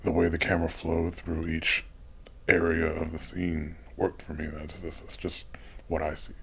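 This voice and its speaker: A man's voice: rumbling low, completely flat delivery, normal speed, a bit bright, breathy edge. A man co-hosting a podcast, talking casually about a movie, explaining his views at length and murmuring agreement while his partner talks. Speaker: podcast co-host.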